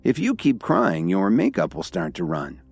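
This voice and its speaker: A man voicing a tired, gently teasing young man in a storybook reading, only lightly set apart from his narration. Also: low voice, wildly swooping pitch, moderate pace, gravelly, slightly rough, faint music behind, heavily acted. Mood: gentle.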